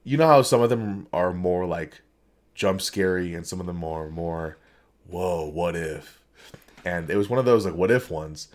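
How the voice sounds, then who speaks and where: Very deep-voiced man chatting casually. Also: moderate pace. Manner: laughs often, rambling storytelling. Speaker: podcast co-host. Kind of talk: casual chat.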